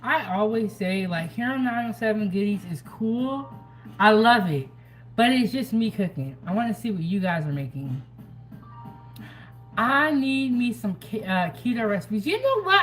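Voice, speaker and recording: A woman's voice: fairly high pitch, measured pace, faint music behind. Chatty woman hosting a cooking livestream. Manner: chatty, animated, reads out and answers viewer comments. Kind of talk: casual live-stream chat with viewers.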